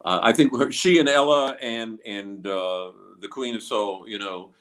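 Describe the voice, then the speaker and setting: A man's voice: on the low side, a little slow, fairly bright tone. A man being interviewed about his music, talking in a rambling way with many fillers and restarts. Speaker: guest musician. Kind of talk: casual interview.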